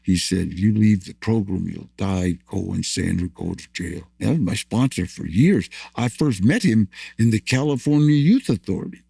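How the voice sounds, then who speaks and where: A man's voice: lowish voice, expressive, moderate pace, vocal fry, hardly any pauses, mellow, breathy edge, no echo. An older man from the United States, a guest in an interview, tells rambling stories of his past, repeating words and laughing often. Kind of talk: storytelling interview.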